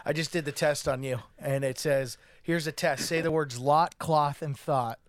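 A man's voice: a little high, fairly even intonation, moderate pace, no echo. Playful, goofy male podcast co-host, dry sound. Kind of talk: casual podcast chat.

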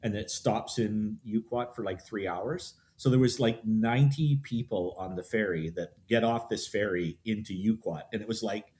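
A man from Canada telling a hiking trip story in a relaxed, chatty way. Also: fairly low pitch, normal speed, hardly any pauses. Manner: chatty, quotes people in stories. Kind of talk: casual storytelling.

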